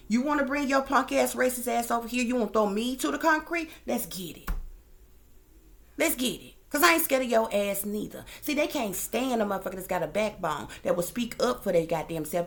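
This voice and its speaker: A woman host telling a story to her viewers in a casual, heated rant, profane and emphatic. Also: fairly high pitch. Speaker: psychic reader and channel host.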